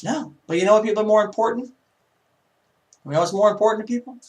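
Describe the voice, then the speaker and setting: A man's voice: high-pitched, fast. A man giving a casual, emphatic political rant on his own video show, full of rhetorical questions.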